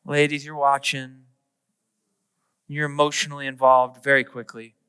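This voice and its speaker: A male pastor preaching a humorous, animated sermon, acting out little everyday scenes. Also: medium pitch, normal speed, clear, resonant tone, long reverb tail.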